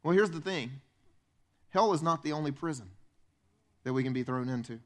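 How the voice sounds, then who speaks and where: A man preaching a sermon as pastor in a church, animated and conversational, acting out the voices of the people in his stories. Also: moderate pace. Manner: animated, acts out quoted voices with big pitch swings.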